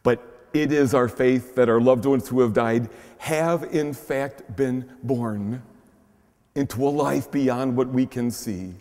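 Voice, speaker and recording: A man, a pastor, preaching earnestly with slow pauses and swelling emphasis, and speaking gently to children. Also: mid-range voice. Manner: gentle, playful talk to children. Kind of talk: sermon. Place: large church shrine. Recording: long echo of a large church.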